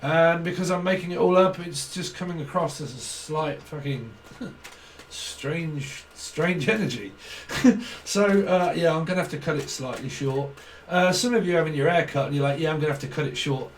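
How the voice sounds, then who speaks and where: Rambling, swearing man, a little high. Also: moderate pace, recorded from a distance, slight background noise. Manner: rambling, profane, laughing often. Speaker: tarot reader. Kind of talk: casual channelled tarot reading.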